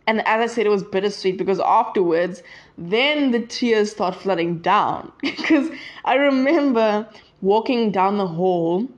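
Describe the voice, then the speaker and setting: A woman's voice: mid-range voice, unhurried, dull audio. A teenage girl talking casually to her viewers in a chatty, rambling way that often drifts off track. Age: teens. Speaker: vlogger. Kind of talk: casual chat to camera.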